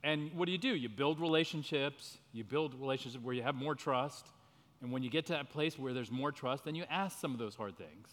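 A man's voice: medium pitch, a little fast, fairly bright tone. A man leading a church parenting workshop, speaking in an earnest teaching manner, often breaking into laughs. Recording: reverberant hall.

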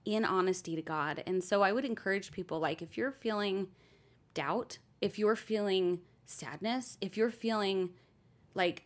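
A woman's voice: mid-range voice, moderate pace. A middle-aged woman co-hosting a faith podcast, talking earnestly and sometimes acting out heartfelt prayers. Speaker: podcast co-host.

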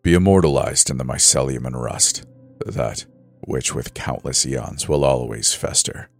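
An ancient, hateful fungal god of rot, as a man puts him on, intoning in a slow, grave, very deep voice. Faint music plays beneath the horror narration. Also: gravelly, heavily acted. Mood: menacing.

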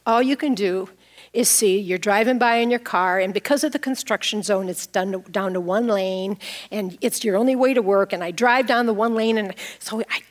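A woman's voice: medium pitch, normal speed. A middle-aged woman pastor giving a sermon with props and a personal story, playful and laughing at herself.

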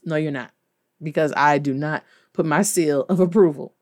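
A woman's voice: low-pitched, fairly even intonation, moderate pace, a little mellow. A woman teaching Spanish in a casual video lesson, playful and sassy, switching between English and Spanish.

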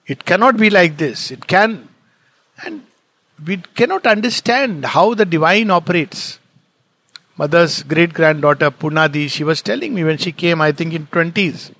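A man with a high-pitched voice, teaching in a reflective, explanatory way. He leaps up in pitch when quoting others and chuckles often. The sound is close and dry, with no room echo. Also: vocal fry, a bit bright. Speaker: spiritual teacher. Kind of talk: spoken commentary on a poem.

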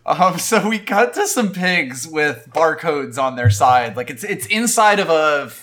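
A man with a bright, forceful voice recaps the episode in loose, chatty talk. His pitch sits a touch high and swings widely as he laughs his way through the scenes. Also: measured pace. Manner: animated, laughs often. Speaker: podcast co-host. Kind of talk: casual chat recapping an episode.

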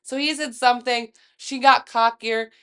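A woman's voice: fairly high pitch, normal speed, clear, resonant tone. A young woman co-hosting a podcast, telling a story in casual chat and acting out what everyone said, with plenty of swearing. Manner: animated storyteller, swearing, acts out quotes. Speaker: podcast co-host.

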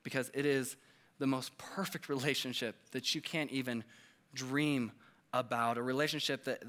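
A man's voice: medium pitch, pushed and bright. A man preaching a conversational sermon, earnest and casual, often tagging his points with "like" and "right?".

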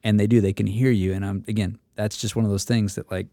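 A man's voice: on the low side, flat delivery, fast, warm tone, dry recording, studio quality. A man who is an instructor pilot, telling stories in a casual roundtable chat and acting out the people he quotes. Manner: storytelling, acts out quotes.

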